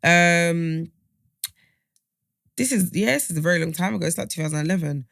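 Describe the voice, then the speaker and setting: A young man co-hosting a podcast, chatting in an animated, slangy way and reading listener messages aloud. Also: on the high side, moderate pace, creaky, no room sound, clean studio sound. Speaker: podcast co-host. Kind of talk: casual chat.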